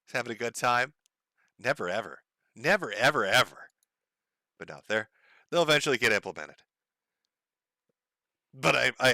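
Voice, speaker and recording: A man's voice: mid-range voice, pushed and bright, smooth, no room sound. A man from the United States hosting a casual livestream, talking in a profane, sardonic way and chuckling often. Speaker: livestream host.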